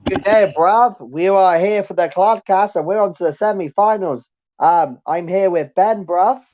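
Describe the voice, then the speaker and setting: A man putting on a deliberately bad London street accent, drawn out with mock swagger. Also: high voice, a little mellow, lo-fi sound, voice pushed up.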